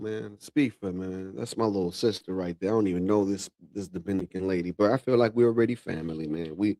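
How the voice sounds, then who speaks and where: A man hosting a livestream, reacting in slangy, casual commentary and calling everyone bro. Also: lowish voice. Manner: slangy, keeps saying bro, animated asides. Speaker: livestream host.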